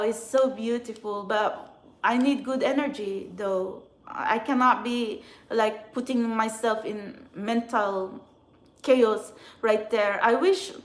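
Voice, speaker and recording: A woman, a spiritual channeler, venting in an emotional, agitated monologue outdoors in a city, swearing often and swinging between quiet and loud. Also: a little high, reverberant. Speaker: spiritual channeler and tarot reader.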